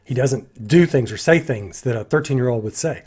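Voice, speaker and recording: A man giving a casual spoken film critique, critical and animated, acting out lines of dialogue in his own voices. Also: mid-range voice, normal speed, husky. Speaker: movie reviewer.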